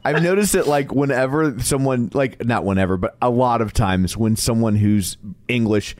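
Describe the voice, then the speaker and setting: A man's voice: mid-range voice, moderate pace, noisy background. A man co-hosting a casual interview, making jokey asides. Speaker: podcast co-host. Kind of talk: casual chat.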